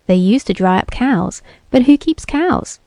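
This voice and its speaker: A woman's voice: mid-range voice, normal speed, warm tone, dry recording, lightly acted. A woman reading the lines of a bearded young beatnik TV repairman who talks in laid-back hip slang and sounds sure of himself. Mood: ominous.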